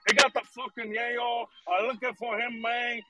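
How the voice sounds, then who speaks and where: A man's voice: very high voice, little pitch movement, moderate pace, a loud crowd. A man putting on a swaggering gangster drug lord, swearing and saying "man" after every line. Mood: menacing. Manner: tough-guy swagger, swears constantly, says "man".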